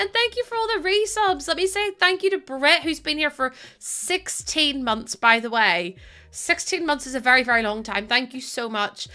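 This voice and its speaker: A young woman hosts her live stream from home, laughing often and thanking her viewers one by one. Her voice sits high and sounds bright and sharp. She talks in a loose, chatty way, full of exclamations. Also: normal speed. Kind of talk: casual live-stream chat. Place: home, indoors.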